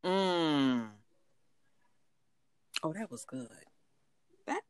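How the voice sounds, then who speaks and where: A woman co-hosting a podcast in casual chat, unhurried and agreeable, cheering her partner on as she shares a story. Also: low-pitched, expressive, no echo, studio quality. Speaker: podcast co-host.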